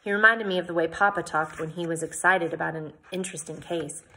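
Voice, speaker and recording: A woman's voice: on the low side, steady tone, fast, pushed and bright. Woman reading a novel aloud at home. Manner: plain narration, chatty comments between passages.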